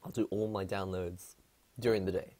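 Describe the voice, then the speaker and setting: A man's voice: sits low, flat delivery, normal speed, a little mellow. A man chatting casually on a live stream from his apartment, rambling and laughing often.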